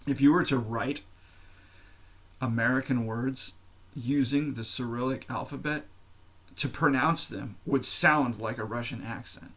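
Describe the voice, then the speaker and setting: A man hosts his own podcast alone, his mid-range voice steady, a bit bright, and a little slow. He's candid and profane, rambling through long explanations packed with fillers in a casual solo monologue.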